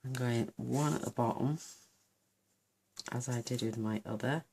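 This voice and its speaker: A woman's voice: a bass voice, measured pace, mellow, slight background noise. A woman hosting a card-making tutorial, chatting casually and gushing over her work as she thinks aloud. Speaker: craft channel host.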